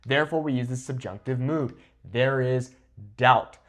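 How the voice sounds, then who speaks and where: A young man teaching a Spanish grammar lesson at a whiteboard. He slows down to say each example clearly and keeps checking in with "okay?". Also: mid-range voice. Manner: lively, repeats "okay?" after each example; slows down to model Spanish pronunciation.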